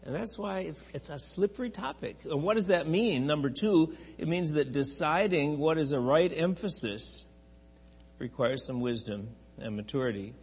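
A man's voice: a little high, normal speed, breathy edge. Chatty male Bible teacher, echoey hall. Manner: chatty, digressive, with many restarts and asides. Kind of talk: church classroom teaching from an outline. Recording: echoey hall, long reverb.

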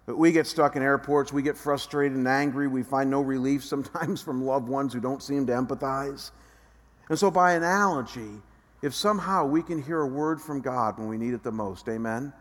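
A male pastor preaching a sermon, moving between quiet reflective passages and loud, animated emphasis as he acts out voices. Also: medium pitch, normal speed. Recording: long hall reverb.

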